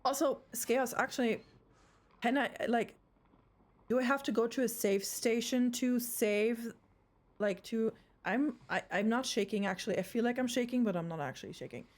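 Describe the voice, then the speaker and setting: A woman's voice: fairly high pitch, normal speed. A young woman streaming a horror game live, rambling, swearing and screaming in fright, with a throat sore from screaming.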